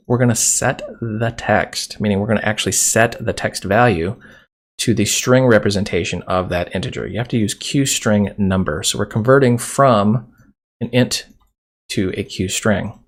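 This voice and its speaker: Male coding instructor, low gravelly voice, casual screen-recorded tutorial, keyboard typing in background. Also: moderate pace. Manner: casual, chatty, jokes while typing code. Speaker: programming instructor.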